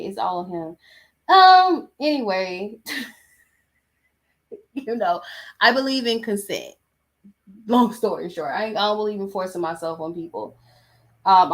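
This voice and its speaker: A young woman talks straight to the audience in a loose, chatty way. She tells a personal story full of slang, asides and digressions. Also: lowish voice. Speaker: host. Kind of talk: casual chat.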